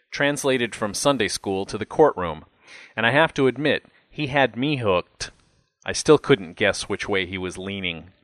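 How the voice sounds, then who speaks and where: A man's voice: on the low side, fairly bright tone, no echo. A man reading a first-person memoir aloud with a wry, reflective manner. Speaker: narrator. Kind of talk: first-person audiobook narration.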